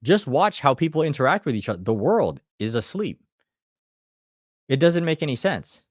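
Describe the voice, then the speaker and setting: A man's voice: medium pitch, no room sound, clean studio sound. A man giving a live motivational talk as a life coach, blunt and swearing often, with frequent restarts. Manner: blunt, heavy swearing, repeats himself.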